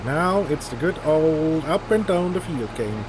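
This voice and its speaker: German-accented male streamer, slightly high voice, joking running commentary, noisy recording. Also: animated, a little slow. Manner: chatty, joking, thinks aloud. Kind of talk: casual gameplay commentary. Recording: noisy background hiss.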